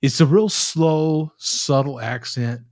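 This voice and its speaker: A man's voice: fairly high pitch, slow, a little mellow, no echo, clean studio sound. A man hosting a casual live-streamed chat over video call, rambling and joking, often repeating his words. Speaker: host.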